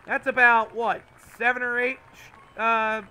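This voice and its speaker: High, bright-voiced man calling game play-by-play. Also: a little slow, slight background noise. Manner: excitable, bursts of loud enthusiasm. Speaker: video game commentator. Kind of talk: mock play-by-play commentary.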